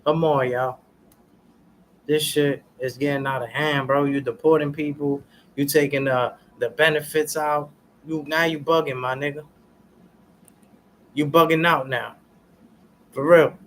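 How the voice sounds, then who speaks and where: A fairly high-voiced man ranting to camera in heavy street slang. He talks preachy and loose, keeps checking in with his viewers, and gets loud and animated when he's fired up. A faint noise sits under his voice. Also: measured pace, pauses often. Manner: street slang, repeats "y'all" and "you understand what I'm saying". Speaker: vlogger. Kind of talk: casual ranting commentary to viewers.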